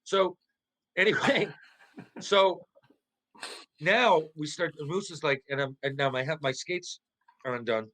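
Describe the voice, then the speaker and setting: A middle-aged man, once a pro hockey player, tells a casual anecdote as a podcast guest, going slowly and pausing often on a low-quality recording. He swears freely and sounds lively, tripping over restarts and putting on high voices when he quotes someone.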